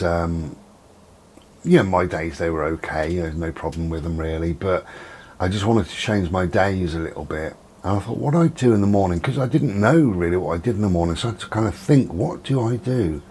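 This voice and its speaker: Deep-voiced and speaking at normal speed, a middle-aged male vlogger chats idly about his day, relaxed and full of ums. Slight background noise comes through, since he's at home with the door and window open.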